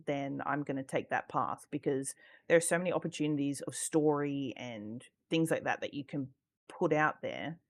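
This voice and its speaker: A woman chatting casually about roleplay gaming, swearing freely and leaning on fillers like "like". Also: low-pitched. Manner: swearing, filler-heavy, laughs often.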